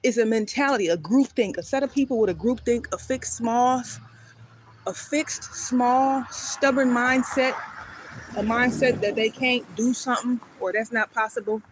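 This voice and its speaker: A woman's voice: a little high, steady tone, normal speed, a little hiss or hum. A woman livestreaming casually while she walks her dog outside at night, rambling and breaking off to call the dog, talking into a handheld phone. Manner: talks while walking. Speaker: vlogger on a live stream. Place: outdoors at night. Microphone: phone held by hand.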